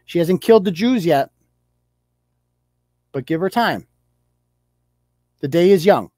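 A man's voice: sits high, warm tone, no room sound, studio quality. Profane, heated male podcast ranter. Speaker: podcast host. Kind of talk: ranting political commentary.

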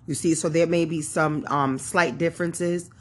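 Husky woman reading scripture casually. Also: low-pitched, fairly even intonation, moderate pace. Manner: chatty, informal asides with frequent fillers. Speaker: Bible teacher.

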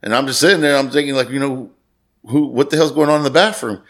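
A man's voice: mid-range voice, fast talker, a bit bright. A man hosting a podcast, telling a story casually and swearing freely. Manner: swears freely, acts out quoted voices. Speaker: podcast host.

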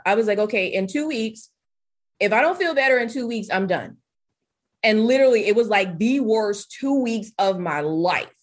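Animated woman telling her story. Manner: animated storyteller, acts out her own quotes in a higher voice. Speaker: guest, business coach and former hairstylist. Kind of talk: casual conversational interview.

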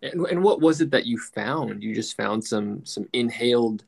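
A man hosting an interview, asking calm, brief questions. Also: medium pitch, moderate pace, vocal fry. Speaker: interviewer, podcast host.

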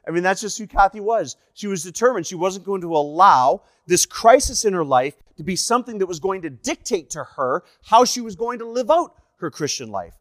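Canadian evangelist, storytelling sermon, slightly high voice, dry close sound. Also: male voice, a little fast, hardly any pauses, dry recording. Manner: animated, acts out dialogue in the stories.

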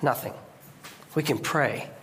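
Animated, bright-voiced male guest preacher. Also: slow pace. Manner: conversational, with sudden emphatic rises in pitch. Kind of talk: sermon. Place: church.

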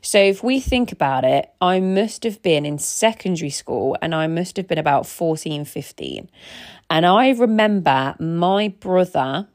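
This is a fairly low-pitched, darkish female voice. She's in her thirties, running a laid-back solo podcast as a talkative storyteller who wanders off track and keeps starting sentences over.

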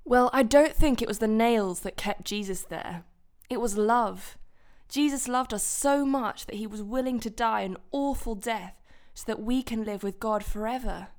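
A woman teaching a Bible lesson to children in a gentle way, asking her listeners questions. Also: on the high side, moderate pace, soft background music.

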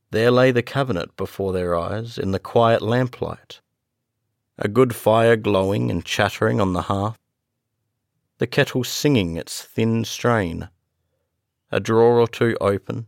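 A man reading a classic gothic story aloud as a narrator, in a slow, measured storytelling manner. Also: lowish voice, no echo, clean studio sound. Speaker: audiobook narrator. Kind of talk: scripted narration.

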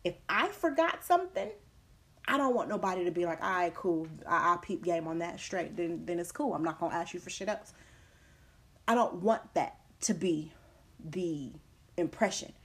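A woman's voice: lowish voice, normal speed. A woman hosting a solo podcast, talking emphatically and repeating her key points, now and then acting out other people's words in a changed voice. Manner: acts out quoted people in shifting voices. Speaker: podcast host. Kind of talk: casual solo podcast monologue.

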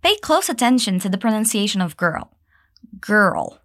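A woman teaches English pronunciation, slowly modeling each phrase for the listener to repeat. Her voice swings widely in pitch and jumps up brightly whenever she praises the learner. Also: big pitch swings. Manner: encouraging, drills repetition, pitch leaps on praise. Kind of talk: pronunciation lesson.

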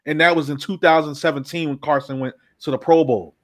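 A man hosting a casual sports talk show, ranting in an animated, profane way. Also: fairly high pitch, fairly quick. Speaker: podcast host.

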